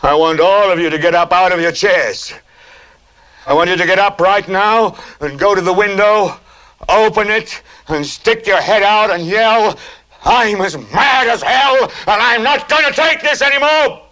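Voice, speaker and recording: A man's voice: high voice, unhurried. A furious TV newsman ranting. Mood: urging. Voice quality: impassioned, pleading, rising to shouts. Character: middle-aged male TV anchor ranting on air, furious. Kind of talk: 1970s film drama.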